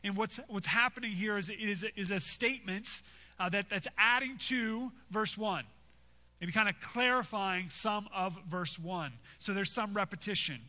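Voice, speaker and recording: A man's voice: high-pitched, moderate pace, bright, forceful tone. A man preaching an expository sermon, emphatic, often repeating and restarting phrases and asking "right?". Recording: long hall reverb.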